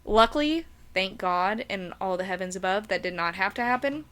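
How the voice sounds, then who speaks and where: Bright, animated young woman telling stories. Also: medium pitch, moderate pace. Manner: animated, acts out quotes, swears freely. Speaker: podcast co-host. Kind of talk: casual storytelling chat.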